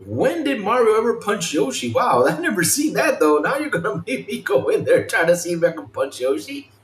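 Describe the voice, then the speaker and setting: A man hosting a casual gaming podcast, animated, imitating game sounds and swearing casually. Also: high-pitched, fairly quick, echoey room, a little hiss or hum. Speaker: podcast host.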